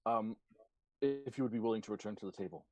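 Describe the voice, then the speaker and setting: A man narrating as game master of a tabletop game, relaxed and amused, with many fillers. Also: on the low side, fast, over music.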